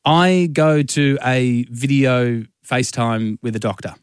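A young man co-hosting a radio show, telling a story in casual banter, animated and laughing often. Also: mid-range voice, takes it slowly, clean tone, no room sound, studio quality. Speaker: radio co-host.

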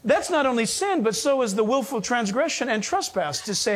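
High-voiced, fervent male pastor preaching. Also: fairly quick. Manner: animated, exhorting, rhetorical questions, jokes with the congregation. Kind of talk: sermon.

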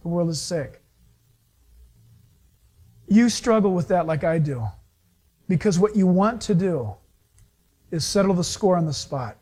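A man preaching a sermon in a high, lively voice. His pitch swings widely as he acts out little scenes of dialogue. He talks as the pastor in front of a congregation. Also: a little slow, long pauses, husky. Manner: animated preaching with acted-out dialogue.

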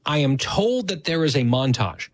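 A man's voice: fairly high pitch, sing-song, normal speed, no echo. Chatty man hosting talk radio. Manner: chatty, self-deprecating, grateful. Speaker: radio host.

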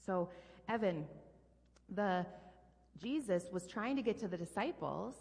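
Female pastor, animated kids' story reading, long hall echo. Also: medium pitch, a little slow. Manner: animated, playful sound effects for a child. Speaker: pastor leading a children's message. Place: church sanctuary. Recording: long reverb in a large hall.

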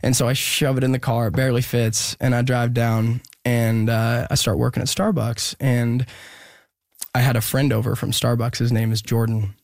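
A young man, a guest in an interview, telling a personal story in an earnest, reflective, halting way. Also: medium pitch, little pitch movement, vocal fry, darkish tone, no echo, clean studio sound.

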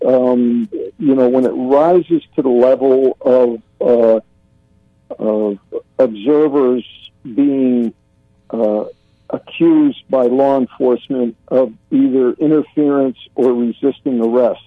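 A man calling into a radio show to make a deliberate point, pausing often with uhs. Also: medium pitch, no echo. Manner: slow, deliberate, halting with uhs. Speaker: caller. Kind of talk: phone-in commentary. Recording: thin phone line.

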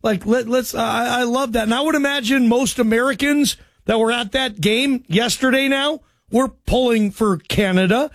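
A man hosting a call-in sports radio show, talking in loose, excitable, joking banter. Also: extremely high pitch, moderate pace, few pauses, no echo.

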